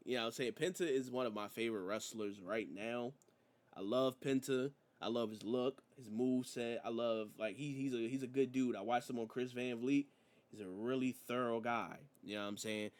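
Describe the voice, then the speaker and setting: A man reviewing a wrestling show in a slangy, rambling, casual chat. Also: mid-range voice. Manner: slangy, rambling, animated storytelling.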